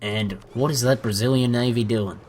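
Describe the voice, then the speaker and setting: A man casually commenting on a strategy game as he watches, playful and jokey, with excited outbursts. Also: medium pitch, moderate pace. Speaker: gaming commentator.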